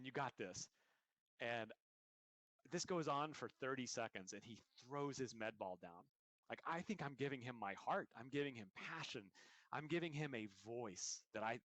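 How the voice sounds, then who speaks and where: A man's voice: lowish voice, fairly bright tone, dry recording. A man, an endurance coach, answering interview questions in an earnest way, often restarting and repeating words.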